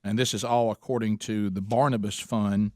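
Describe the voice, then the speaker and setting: A man's voice: on the low side, steady tone, moderate pace, darkish tone, dry recording, studio quality. A middle-aged man hosting a radio talk show, telling stories in an earnest, conversational way full of "uh" fillers. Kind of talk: talk radio chat and storytelling. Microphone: studio microphone.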